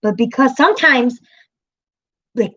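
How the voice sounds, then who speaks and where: A woman's voice: fairly high pitch, a little slow, bright, forceful tone, slightly rough, muffled recording. A woman hosting her own livestream in casual chat, rambling, laughing often and swearing freely. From American city. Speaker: livestream host.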